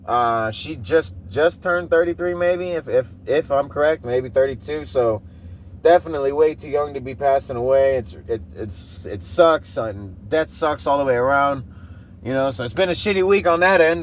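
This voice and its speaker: A man's voice: medium pitch, moderate pace, a little hiss or hum. A man in his thirties hosting a podcast, telling a rambling, profane personal story and often breaking into laughter. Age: 30s. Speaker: podcast host. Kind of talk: casual monologue.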